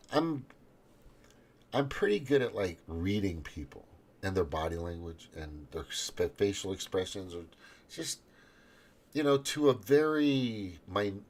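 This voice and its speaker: A man hosting his own podcast in a rambling, profane monologue full of restarts. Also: on the low side. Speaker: podcast host.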